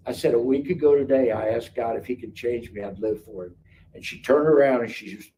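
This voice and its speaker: A man's voice: mid-range voice, a little fast, warm tone. A man, telling his life story as a guest and acting out the dialogue. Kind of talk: casual testimony storytelling. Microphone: live stream call mic. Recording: distant mic with faint noise.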